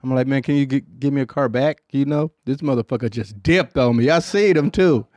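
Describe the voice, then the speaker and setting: A man's voice: medium pitch, a little fast, darkish tone, no room sound. A middle-aged man hosting a podcast, telling stories in a rambling, profane, laid-back way with a Detroit accent. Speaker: podcast host. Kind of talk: casual storytelling chat.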